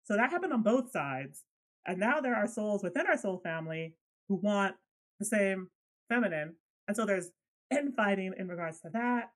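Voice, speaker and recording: An animated woman co-hosting a loose spiritual chat, her voice rising and falling a lot. She laughs often and swears freely when riled up. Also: medium pitch, moderate pace, rough recording. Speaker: podcast co-host.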